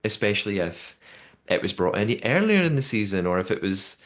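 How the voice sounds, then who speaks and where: A man's voice: lowish voice, big pitch swings, fairly quick, fairly bright tone. A man co-hosting a podcast in casual chat. He reads listener messages aloud and often restarts his sentences. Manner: chatty, often restarts and repeats words. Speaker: podcast co-host.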